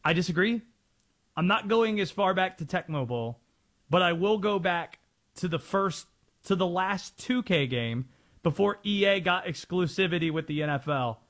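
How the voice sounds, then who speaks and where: Male sports talk host, high and animated, opinionated. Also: moderate pace. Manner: assertive, opinionated.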